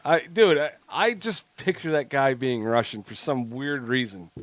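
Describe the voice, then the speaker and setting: A man in the middle of a loose, joking podcast chat, laughing often and tripping over his own sentences. His voice sits at an ordinary pitch. The sound is dry and close, with no room around it. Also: normal speed, a bit bright, no room sound. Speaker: podcast co-host. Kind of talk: casual podcast banter.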